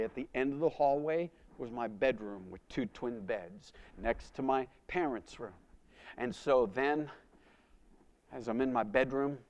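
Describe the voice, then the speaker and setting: A male preacher tells his testimony as a story in a sermon. His pitch sits in a middle range, and his delivery is dramatic, swinging from loud bursts to hushed passages.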